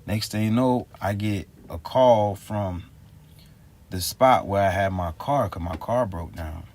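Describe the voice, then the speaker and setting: A man's voice: lowish voice, unhurried, a little mellow. A man telling a story in a rambling, slangy and exasperated way for a casual vlog. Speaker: vlogger.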